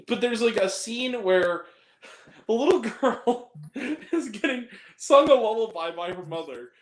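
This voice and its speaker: A man's voice: high voice, lively intonation, measured pace. A man reviewing a film on a podcast in casual chat, swearing freely and often breaking into laughter. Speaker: podcast guest. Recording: roomy echo.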